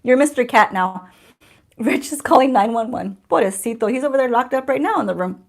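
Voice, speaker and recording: A woman's voice: on the high side, fairly quick. A woman in her forties with a drawl chats through a home livestream for her beauty channel. Her talk is loose and sarcastic, and she laughs easily, as if among friends. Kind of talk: casual livestream chat.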